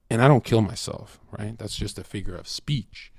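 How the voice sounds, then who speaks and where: A man's voice: on the low side, normal speed, hardly any pauses, darkish tone, no room sound. Crude ranting male streamer, dry sound. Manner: crude, profane, keeps asking "right?"; mock-quotes people in sudden voice swings. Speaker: streamer host. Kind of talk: ranting monologue.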